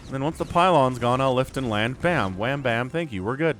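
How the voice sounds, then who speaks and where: A man's voice: medium pitch, lively intonation, brisk, a bit bright, slight background noise, close to an everyday voice. A man voicing a breezy, cocky male Terran player in a botched mix of Australian and Cockney accents. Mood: smug, breezy.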